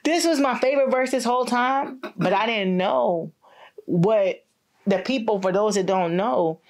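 A woman's voice: on the high side, measured pace. A woman guest sharing her faith testimony in an interview, telling it in a reflective way and acting out quotes.

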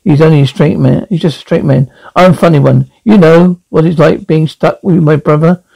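Man as a snarling crude radio-drama dummy, gravelly and dark. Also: fairly high pitch, fairly even intonation, normal speed, no room sound, low-quality recording. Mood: boastful. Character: vicious foul-mouthed male ventriloquist dummy, taunting.

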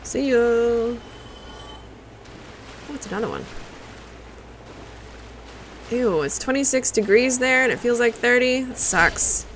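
Woman streamer, game commentary, swears a lot, unhurried pace, slightly high voice, faint hiss. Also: animated, fairly bright tone, rough recording. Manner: profane, reactive, talks to chat. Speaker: livestreamer playing a video game. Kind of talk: casual live gameplay commentary.

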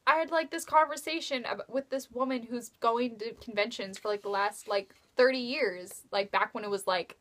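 A young woman tells a story to her webcam late at night, her voice a touch high. She gushes and rambles with breathless excitement, breaking into squealing outbursts. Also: moderate pace, few pauses. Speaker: fan vlogger. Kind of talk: casual storytelling vlog. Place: bedroom at night.

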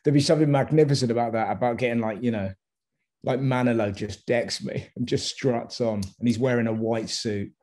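A man from England with an English accent, a comedian chatting casually in an interview and telling rambling, animated stories. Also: medium pitch, fairly quick. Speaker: comedian guest.

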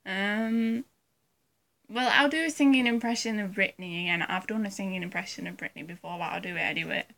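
A woman's voice: mid-range voice, brisk, gravelly, fairly bright tone. A woman vlogger chatting casually between impressions, giggly, rambling and self-deprecating, close to a phone or webcam mic. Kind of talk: casual chat.

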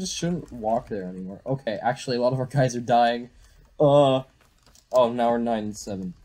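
A young man giving excitable live commentary while playing a shooter game at home on a desktop microphone. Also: medium pitch, moderate pace, slight background noise. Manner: excitable, reactive, frequent exclamations. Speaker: gaming YouTuber.

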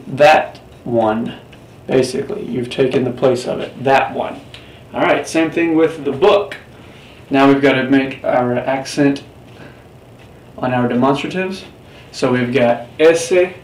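A man's voice: medium pitch, far from the mic. A man teaching a Spanish class in a recorded lecture, explaining step by step and quizzing his students. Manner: patient, explains step by step, asks the class questions. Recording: roomy, off-mic, faint background hiss.

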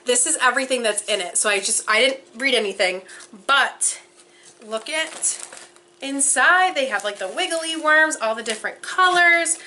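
A young woman vlogging an unboxing, gushing with breathless excitement and frequent gasps. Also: high voice, moderate pace, slight background noise.

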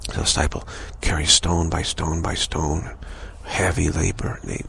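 Male spiritual teacher, deep gravelly voice, unhurried and repetitive. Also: level tone, a bit bright, a little hiss or hum. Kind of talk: spiritual talk.

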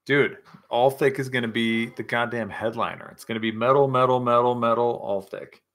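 A man's voice: medium pitch, fairly even intonation, moderate pace, fairly bright tone. A man hosting a casual live chat with viewers, rowdy, joking and profane, a little tipsy. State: tipsy from scotch. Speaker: livestream host.

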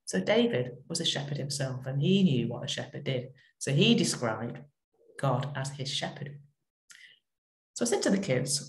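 Woman vicar, middle-aged, gentle storytelling reflection, gravelly voice, roomy sound. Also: low voice, animated, normal speed. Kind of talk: short spoken reflection.

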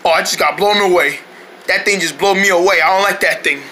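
Brief: man, homemade cartoon voice acting, high, very bright and piercing, yelps and shouts. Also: steady tone, brisk, slight background noise. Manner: switching between exaggerated character voices, yelping and shouting. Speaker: cartoon voice actor.

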